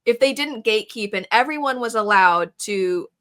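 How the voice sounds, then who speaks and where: A woman with a bright, fairly high voice talks in a lively, animated way. She is a guest in a casual conversation, slipping into playful voices when she quotes people. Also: moderate pace, smooth. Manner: animated, acts out quoted lines with laughs. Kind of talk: casual chat.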